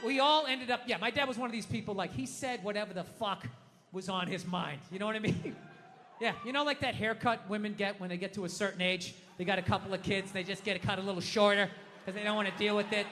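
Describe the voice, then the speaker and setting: A man doing a stand-up comedy set, ranting loudly with heavy swearing and shouted impressions. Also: high-pitched, fast talker, long reverb tail, a little hiss or hum. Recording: live club with audience laughter. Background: crowd laughing.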